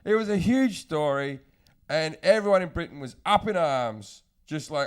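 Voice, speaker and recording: A comedian man spins a crude, rambling story in casual podcast chat. His voice sits a little higher than most men's. He acts out each quoted line as he goes. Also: normal speed, clear, resonant tone. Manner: crude, rambling anecdotes with mimicked quotes and laughs.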